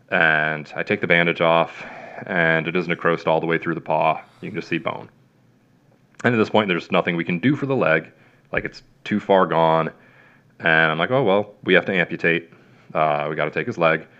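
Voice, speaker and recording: A man's voice: sits low, sharp tone. A man, a veterinarian, casually telling long stories in an interview, rambling with lots of fillers and acting out what people said. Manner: rambling with many fillers and acted-out quotes. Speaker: veterinarian guest. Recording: dull lo-fi sound.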